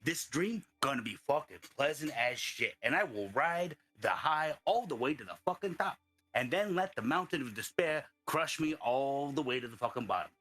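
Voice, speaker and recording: A man's voice: mid-range voice, lively intonation, normal speed, bright, forceful tone. A man playing a foul-mouthed, belligerent brawler who rants and taunts nonstop in a tabletop game. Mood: ranting menace. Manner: swearing constantly, taunting, ranting.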